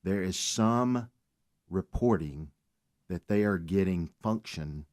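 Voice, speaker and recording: A man with a fairly low voice tells his story on a talk radio show. He speaks earnestly, with faith woven into what he says. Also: takes it slowly, darkish tone. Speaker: guest.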